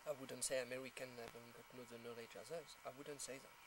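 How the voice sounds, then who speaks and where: A man's voice: mid-range voice, fairly even intonation, fast talker, background noise. A man from France with a French accent tells a casual anecdote in English, laughing often and acting out the people he quotes. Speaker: storyteller.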